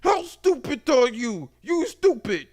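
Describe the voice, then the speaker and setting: Man putting on a shrill furious customer. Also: big pitch swings, slow pace, full character voice. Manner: shouting, high-pitched, accusing. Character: irate male customer on the phone, insulting.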